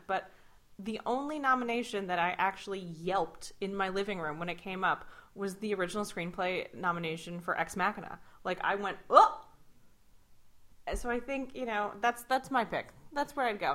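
Bright-voiced female guest, lively, casual chatter. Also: medium pitch. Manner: upbeat, chatty, laughing easily. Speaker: podcast guest. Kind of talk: casual podcast chat about films.

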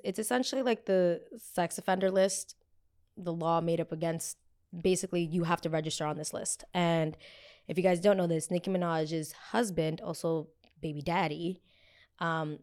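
A woman hosting a show, chatting casually about pop culture in a blunt, gossipy and profane way, often going off on tangents. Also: on the low side. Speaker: host.

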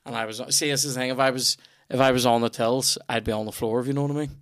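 A man's voice: mid-range voice, steady tone, very fast, smooth. A man hosting a podcast, telling a rambling, sweary story full of restarts. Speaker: podcast host. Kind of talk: casual storytelling chat.

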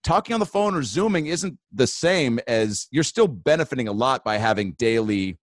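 A man's voice: mid-range voice, expressive, moderate pace, no room sound, studio quality. A man talking as a guest on a podcast in laid-back casual chat, laughing easily and calling people man and dude. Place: remote video call.

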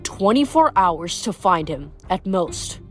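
Lady reading as a serious teen boy hero, measured, storybook. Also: lowish voice, sing-song, faint music behind. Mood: grave.

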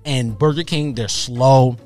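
Animated man telling a story. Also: medium pitch, measured pace, faint music behind. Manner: animated, acts out quotes in his story. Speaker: podcast co-host. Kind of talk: casual storytelling chat.

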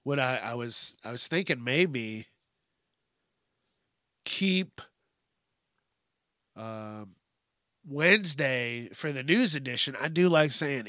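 A man's voice: mid-range voice, lively intonation, takes it slowly, long pauses, pushed and bright, no echo, clean studio sound. A man hosting a solo podcast, rambling and swearing, sometimes calling himself by name in the third person. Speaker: podcast host.

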